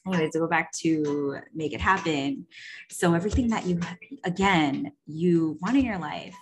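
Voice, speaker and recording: Chatty woman telling a story, low-pitched. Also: normal speed, faint music behind. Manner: chatty, animated, swears freely, fills with "like" and "right". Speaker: business coach. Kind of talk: casual vlog storytelling.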